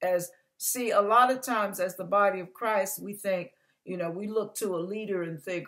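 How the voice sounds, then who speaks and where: A woman's voice: mid-range voice, moderate pace, a bit bright. An older woman pastor giving an online church sermon, earnest and conversational, building to emphatic repetition.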